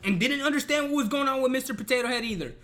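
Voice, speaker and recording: High-voiced, exasperated man ranting. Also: rapid-fire, a bit bright. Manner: profane, exasperated, emphatic. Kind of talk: casual ranting commentary.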